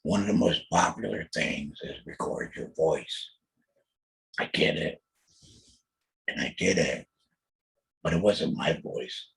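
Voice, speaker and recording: In a low-quality recording, a middle-aged podcast host talks slowly with long pauses, using a very low, rough, gravelly alaryngeal voice following a laryngectomy. His casual monologue is blunt and full of profanity, and he keeps tossing in "you know what I mean."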